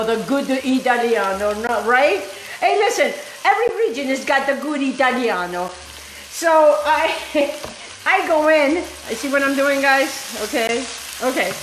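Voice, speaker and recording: This is a high-voiced woman from Calabria who hosts a cooking vlog, chatting in an animated, wandering way. She keeps calling the viewers guys. The kitchen sounds echoey, with a pan sizzling faintly behind her. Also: slight background noise. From Calabria, Italy. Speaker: cooking show host. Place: home kitchen. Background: sizzling pan, stirring.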